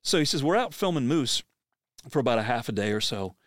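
A man hosting a podcast, telling a story in an animated way, acting out the quoted speech of the people in it. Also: mid-range voice, fairly quick, no room sound, clean studio sound.

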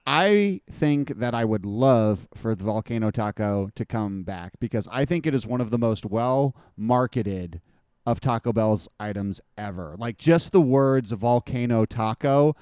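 Man, podcast co-host, playful and a bit tipsy, smooth voice, dry close sound. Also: medium pitch, animated, measured pace, darkish tone, no room sound. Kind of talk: casual podcast chat.

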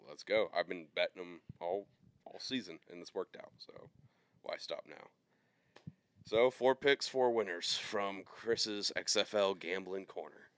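Sitting low and moving a little slowly, this man's voice is slightly bright and smooth, with no room sound. As a podcast co-host, he drifts through easygoing sports bet chatter stuffed with fillers.

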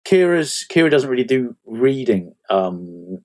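A man chats casually as a guest author. He is self-deprecating and talkative, and his voice sits at an ordinary pitch. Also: sing-song, a little slow, a little mellow. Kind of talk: casual conversation.

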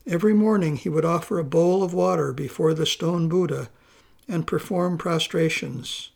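Brief: male storyteller, high-ish voice with gravelly fry, calm measured reading. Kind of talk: storytelling narration.

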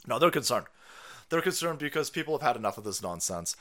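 A middle-aged man hosting a livestream, ranting loudly in a profane, sarcastic way and laughing often. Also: medium pitch, big pitch swings, fast. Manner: loud, laughing, foul-mouthed, sarcastic. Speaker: livestream host. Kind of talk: profane political rant.

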